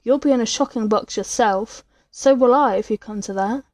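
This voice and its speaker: A woman's voice: on the high side, moderate pace, warm tone, no echo, close to an everyday voice. A woman reading the part of a cool, sneering, unscrupulous young doctor in a spoken story. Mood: coolly persuasive. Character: scheming cynical young male doctor.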